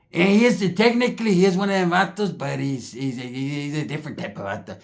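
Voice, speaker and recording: A man with a gravelly, slightly high voice tells a comedic street story. He talks in heavy slang and keeps slipping into the voices of the people in it. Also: fast talker, hardly any pauses. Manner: slangy, animated, acts out other characters' voices.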